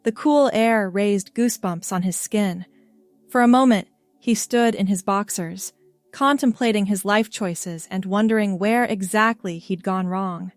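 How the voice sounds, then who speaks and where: Even-voiced woman storyteller, very dry sound. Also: mid-range voice, measured pace, no echo, faint music behind. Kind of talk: scripted narration.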